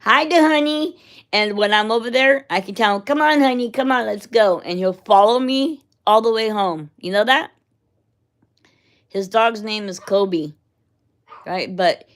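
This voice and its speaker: A woman's voice: medium pitch, measured pace. A middle-aged woman in casual chat, rambling from one story to the next and laughing often. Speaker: vlogger.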